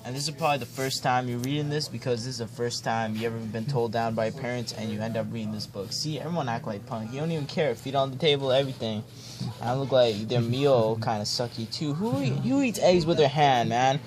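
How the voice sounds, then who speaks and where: A man's voice: medium pitch, quick pace, a crowd in the background. A young man mock-reading a children's storybook aloud, ad-libbing with laid-back slang and joking asides. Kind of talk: comedic ad-libbed storybook reading. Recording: friends chatting and laughing nearby.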